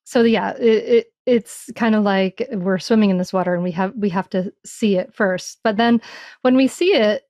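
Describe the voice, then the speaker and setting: Woman, interview guest, parenting author, reflective, restarts sentences, middle pitch, dry close recording. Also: normal speed, darkish tone, dry recording. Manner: reflective, frequent restarts and "you know". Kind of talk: conversational interview answers.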